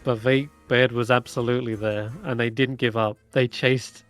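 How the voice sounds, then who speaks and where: Halting, chatty man running a tabletop game. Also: medium pitch, flat delivery, a bit bright, faint music behind. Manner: halting, self-correcting, laughs often. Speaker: dungeon master.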